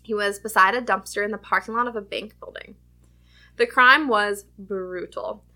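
A woman co-hosts a podcast, her mid-range voice bright and forceful at a normal speed. The chat is casual, and she laughs often and swears freely.

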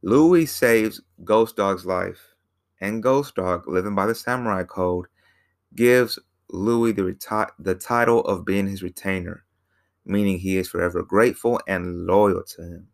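A man's voice: low-pitched, a little slow. A man casually recapping a film in a rambling way, repeating himself and using lots of fillers. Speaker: film reviewer.

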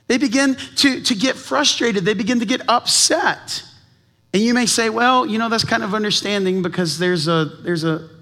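A man's voice: high voice, fairly bright tone. A man preaching a sermon as teaching pastor, earnest and full of rhetorical questions, often repeating words as he presses a point.

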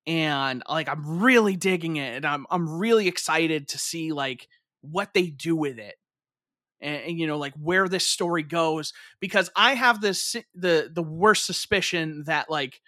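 A man's voice: a little high, bright, forceful tone, no room sound, studio quality. A young man co-hosting a podcast in casual chat, rambling with lots of fillers and swearing freely.

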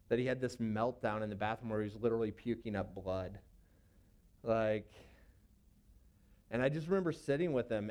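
A man's voice: medium pitch, darkish tone. A man in his thirties, a youth pastor, telling a personal story in a casual, rambling way with many fillers.

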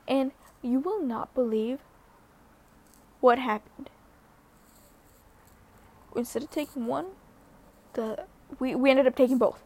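Young woman vlogging, high voice, chatty and rambly, lots of likes and ums. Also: slow pace, long pauses, warm tone. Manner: chatty, rambling, with many fillers and restarts. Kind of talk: casual storytelling.

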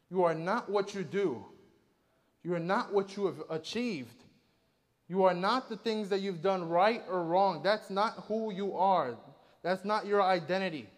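A man's voice: high voice, in a large hall. A man preaching a sermon, retelling scripture in an earnest, conversational way with frequent fillers.

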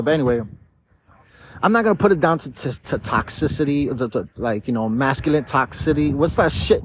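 A man's voice: a little high, a little hiss or hum. A tipsy, slurring young man tells a rambling, profane story straight to his viewers from a park. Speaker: vlogger. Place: outdoors in a park.

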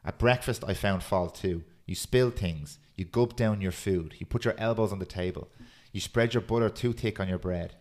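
A man hosting a podcast, chatting casually and reading a poem aloud in a steady, earnest way. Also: low-pitched, normal speed, hardly any pauses. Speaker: podcast host.

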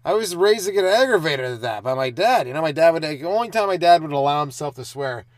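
A young man hosting his own comedy podcast, riffing and ranting alone with lots of swearing and quick mocking asides. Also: a little high, lively intonation, dry recording. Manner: profane, riffing, mocking voices mid-rant. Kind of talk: rambling solo comedy podcast.

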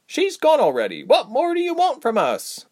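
A man's voice: extremely high pitch, wildly swooping pitch, normal speed, a little mellow, voice pushed up, heavily acted. A man voicing Berg, a townsman who wheezes and pleads with a soldier. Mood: defiant. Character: defiant townsman under threat.

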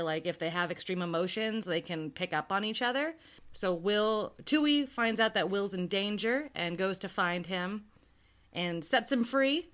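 A woman at a middle, everyday pitch tells a movie plot in a casual podcast chat. She laughs often and slips into playful voices for the characters' lines. The pace and tone are loose and friendly. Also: fairly bright tone. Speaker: podcast co-host.

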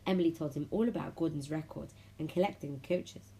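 A woman reading a children's storybook aloud, lively and friendly, giving the characters their own voices. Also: deep voice, fairly quick, poor audio. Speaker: children's audiobook reader.

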